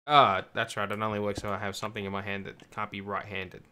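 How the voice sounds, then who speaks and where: A man with a low, bright voice talks himself through a game session, step by step. He is chatty and self-mocking. Faint keyboard clicks sit behind him. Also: flat delivery, quick pace, a little hiss or hum. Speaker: gamer streaming a survival server. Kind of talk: casual let's-play commentary.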